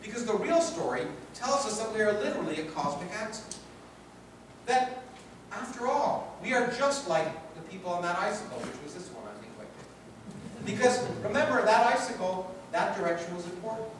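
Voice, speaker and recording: A man's voice: high-pitched, lively intonation, normal speed, far from the mic, noisy background. A man with a Canadian accent giving a public lecture and reading from his book, emphatic and rhetorical, with phrases built up in repetition. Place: large lecture hall. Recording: echoey hall recorded from afar.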